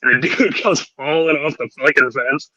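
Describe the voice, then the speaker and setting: A man's voice: medium pitch, fairly even intonation, normal speed, bright, forceful tone, lo-fi sound. A man hosting a podcast, telling profane, rowdy anecdotes in casual chat and laughing through them. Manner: laughs through his stories. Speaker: podcast host.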